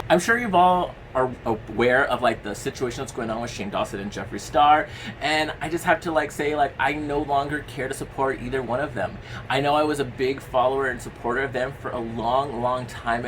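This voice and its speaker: A man's voice: medium pitch, fairly bright tone, a little hiss or hum, low-quality recording. A young man talking in a casual commentary vlog, rambling with lots of fillers, blunt and given to swearing. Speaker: commentary vlogger.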